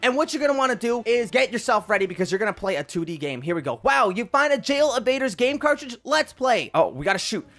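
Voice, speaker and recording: An excitable man narrating a game walkthrough, talking straight to his viewers. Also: very high voice, fast, few pauses, faint music behind. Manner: excitable, addresses viewers as guys and ladies and gentlemen. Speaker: gaming video creator. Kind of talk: gameplay walkthrough commentary.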